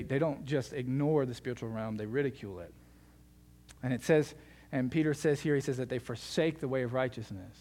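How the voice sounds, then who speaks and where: A male pastor preaching a sermon in a conversational, joking storytelling manner. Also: medium pitch.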